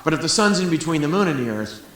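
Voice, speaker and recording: A man's voice: a little high, sing-song, quick pace, fairly bright tone, reverberant. A middle-aged man, an astronomer giving a public lecture, talking with chatty enthusiasm and humorous asides. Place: library lecture room.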